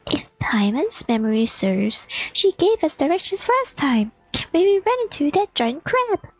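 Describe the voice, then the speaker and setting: A woman voicing a tiny, chirpy, floating fairy companion girl in a game, in a high, squeaky, excitable voice with a gravelly edge. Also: measured pace, no echo, lo-fi sound, heavily acted.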